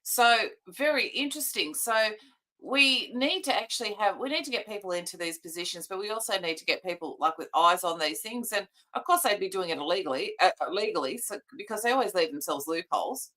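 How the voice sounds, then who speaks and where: A woman's voice: medium pitch, fairly quick, pushed and bright. A woman co-hosting a casual live online news show, reading headlines with lots of fillers. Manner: chatty, filler-heavy, reading headlines aloud.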